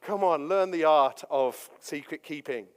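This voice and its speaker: A man's voice: fairly high pitch, measured pace, smooth, in a large hall. A man, a pastor telling chatty, self-deprecating stories in a sermon. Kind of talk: storytelling sermon.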